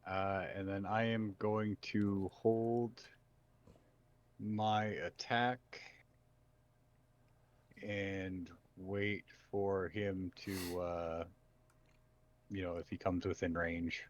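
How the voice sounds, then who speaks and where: A man plays a tabletop game, working out his turn aloud with long pauses and many ums. His voice is deep and his pace is very slow. The mic sounds dull and lo-fi. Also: flat delivery. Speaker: player. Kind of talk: casual tabletop game play.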